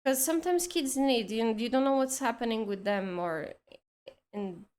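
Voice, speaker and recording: On a drawing stream, a woman with a fairly high voice chats casually at a moderate pace. She tells animated stories about the kids she teaches and acts out their voices.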